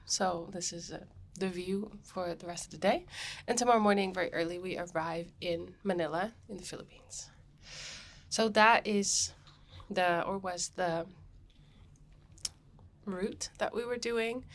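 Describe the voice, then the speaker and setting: A woman's voice: mid-range voice, a bit bright. A woman hosting her podcast in a chatty, rambling monologue while she has a cold, recorded on board a cruise ship. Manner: chatty and rambling, many ums. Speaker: podcast host.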